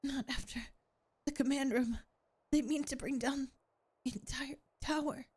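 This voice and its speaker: A woman's voice: high-pitched, fairly even intonation, measured pace, darkish tone, pitched above the performer's own voice. A woman voicing a desperate pleading ally.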